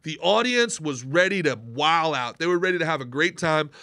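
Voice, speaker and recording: A man with a bright, slightly raised voice hosts a casual podcast from a dry studio. He wanders through his stories with fillers and restarts, then lands his points with emphasis. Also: on the high side, animated, moderate pace, dry recording. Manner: rambling, hesitant, with many restarts, then emphatic. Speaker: podcast host.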